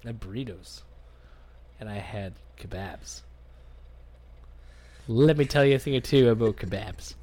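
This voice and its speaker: A man's voice: on the low side, unhurried, long pauses, darkish tone, slight background noise. A man from Canada telling a rambling travel story on a podcast, swearing a lot and acting out what people said. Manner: rambling, profane, acts out quoted voices. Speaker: podcast co-host. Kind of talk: casual storytelling chat.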